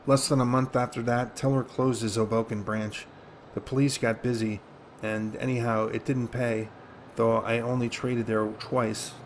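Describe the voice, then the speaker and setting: A man reading a first-person story aloud as an audiobook, in a steady, measured way. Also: mid-range voice, slight background noise. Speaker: audiobook reader.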